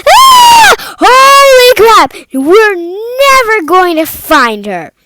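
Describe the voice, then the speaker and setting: A teenage girl who shrieks in loud, high panic, as a young woman acts her out. She yells at full volume in a storytelling role-play. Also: huge pitch swings, drawn-out words, heavy background noise, full character voice. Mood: panicked.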